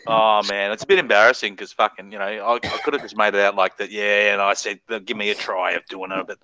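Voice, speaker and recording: A man's voice: lowish voice, steady tone, quick pace, pushed and bright, low-quality recording. A man with an Australian accent telling a crude story in a casual voice chat, swearing constantly and laughing as he talks.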